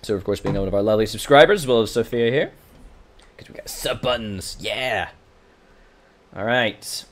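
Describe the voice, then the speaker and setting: Hosting a let's-play taken from a livestream, this man speaks with a blend of British and American accents in a lowish voice at a moderate pace, pausing often. He reads in-game event text out loud and chats casually with his viewers.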